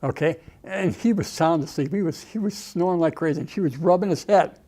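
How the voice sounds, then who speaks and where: A man's voice: on the high side, fairly quick, mellow. An older man, an Army veteran, reminiscing emotionally in a documentary interview, often saying "okay" and "you know".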